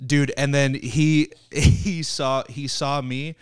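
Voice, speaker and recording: A man's voice: mid-range voice, level tone, takes it slowly, clear, resonant tone. A man co-hosting a podcast, telling rambling stories in casual chat, laughing and swearing often. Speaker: podcast co-host.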